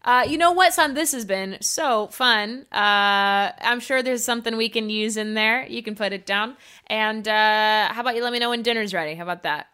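A woman voicing an exasperated middle-aged producer dad with a bright, slightly high voice, who scolds his son in quick bursts. He stays strained and impatient in this improvised comedy sketch. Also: clear, resonant tone. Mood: fatherly.

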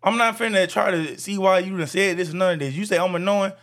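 A man with a somewhat high voice tells stories in a loose, casual chat. He swears freely and acts out the quoted dialogue with a lot of energy. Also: quick pace, a bit bright.

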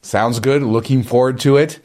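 A man's voice: mid-range voice, fairly even intonation, moderate pace, a little mellow. A man co-hosting a podcast, chatting in a casual, enthusiastic way. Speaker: podcast co-host.

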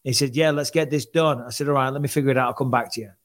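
A man's voice: mid-range voice, fairly even intonation, rapid-fire. A man co-hosting a podcast, telling stories in casual chat and acting out the exchanges he quotes. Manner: storytelling, acts out quoted exchanges. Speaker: podcast co-host.

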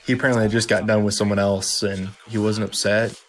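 Low-voiced, easygoing man. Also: fast talker, crowd noise. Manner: relaxed, self-deprecating, hesitant fillers. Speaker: veteran and delivery driver. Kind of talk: storytelling interview.

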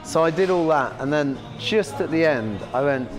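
A man in his fifties, a podcast guest telling long anecdotes in a halting, rambling way full of restarts. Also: fairly high pitch, lively intonation, soft background music. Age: 50s. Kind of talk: anecdotal storytelling.

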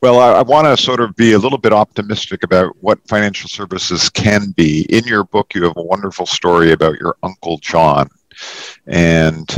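A man hosting an interview podcast, asking his guest questions in a measured, gently encouraging way. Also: deep voice, dry recording, poor audio. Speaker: podcast host.

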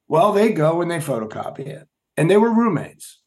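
A middle-aged man with a somewhat high-pitched voice tells a story in an interview. He is emphatic and animated and keeps asking his listener rhetorical questions. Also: fairly quick. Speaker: podcast guest, former Navy SEAL.

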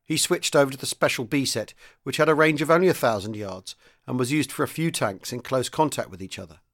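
A man reading a novel aloud in a steady, measured narrating voice. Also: mid-range voice. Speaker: reader. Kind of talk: audiobook-style novel reading.

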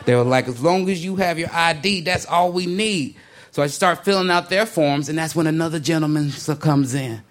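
A man doing a stand-up comedy set in a club, telling a story animatedly and acting out the people in it. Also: normal speed. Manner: animated storytelling, acting out characters, swinging pitch. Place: comedy club stage with a laughing audience. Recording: live club recording with crowd laughter and noise.

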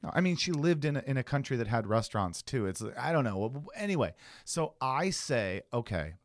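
Animated man telling a story. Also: fairly quick, dry recording, clean studio sound. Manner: animated storyteller, acts out quotes with jumps in pitch. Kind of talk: casual storytelling chat.

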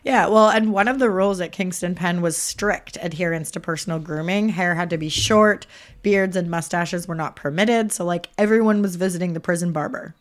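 A woman's voice: fairly low pitch, a little fast. Chatty Canadian woman telling a story. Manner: chatty storyteller, many fillers like "like" and "um". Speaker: podcast host telling the story. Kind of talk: casual true-crime podcast chat.

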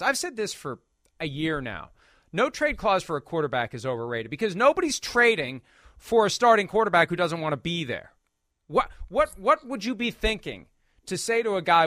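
A man's voice: high-pitched, sharp tone, dry recording, studio quality. A man hosting a sports talk show, arguing emphatically and firing off rhetorical questions.

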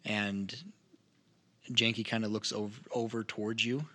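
Casting: casual male game master, bright voice, loose descriptive narration. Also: fairly low pitch, little pitch movement, a little slow.

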